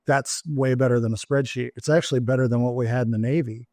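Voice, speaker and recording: A man, a former military officer turned business executive, telling lively stories in an interview and acting out the dialogue. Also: medium pitch, fast, no echo, clean studio sound. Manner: animated storyteller acting out dialogue. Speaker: guest, former Navy SEAL turned company executive. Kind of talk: storytelling in a casual interview.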